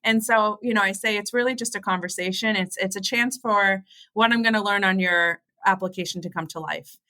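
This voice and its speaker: A woman's voice: medium pitch, fairly quick, sharp tone. A woman working in private school admissions, speaking casually on a panel and filling her talk with "you know". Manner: friendly, laughs easily, fillers like "you know". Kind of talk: panel discussion.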